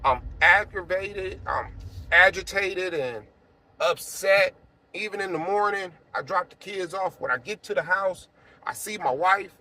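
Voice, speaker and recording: A man's voice: high voice, a little slow. Man giving a casual spoken testimony. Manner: conversational, many fillers, swings from quiet to emphatic. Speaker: apostle sharing a personal testimony.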